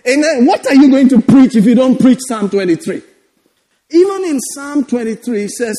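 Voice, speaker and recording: Exuberant high-voiced preacher man in a hall. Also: expressive, a little slow, long pauses. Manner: exuberant, laughing, repeats phrases, shouts of hallelujah. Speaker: pastor. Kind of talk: sermon.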